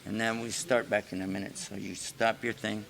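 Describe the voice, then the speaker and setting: A man's voice: lowish voice, flat delivery, normal speed, creaky, a crowd in the background. Folksy older man lecturing in echoey hall. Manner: folksy, joking storyteller. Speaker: Islamic lecturer. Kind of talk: lecture with joking asides. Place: mosque hall.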